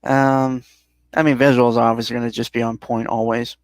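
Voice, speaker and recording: A man's voice: mid-range voice, flat delivery, a little fast, no room sound. Teasing, hesitant male podcaster. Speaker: podcast co-host. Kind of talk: casual chat.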